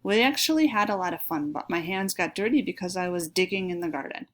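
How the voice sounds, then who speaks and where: A woman's voice: fairly low pitch, quick pace, lightly acted. A woman voicing an eager, mischievous young boy in a children's story read aloud. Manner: excited, cheeky.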